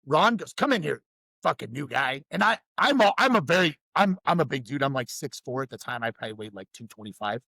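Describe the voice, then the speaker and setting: A man's voice: medium pitch, quick pace, few pauses, pushed and bright, no echo. A man co-hosting a podcast, telling rambling, profane stories in a casual chat. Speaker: podcast co-host.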